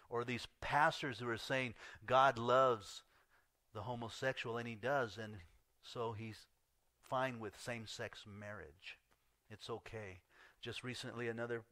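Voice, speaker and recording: A male pastor preaching a sermon in an earnest way, swinging between loud emphasis and hushed asides. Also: lowish voice, no room sound.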